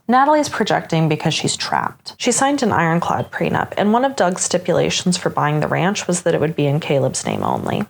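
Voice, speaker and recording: A young woman recapping a book in a casual, chatty way, with sarcastic asides. Her voice sits low but swings widely in pitch. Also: vocal fry. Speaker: book reviewer.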